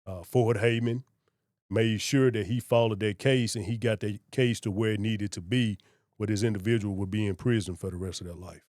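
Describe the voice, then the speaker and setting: A man, a sheriff being interviewed, who speaks in a slow, measured and earnest way. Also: lowish voice, fairly even intonation, a little mellow, no room sound, studio quality. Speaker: sheriff, guest. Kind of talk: casual interview conversation.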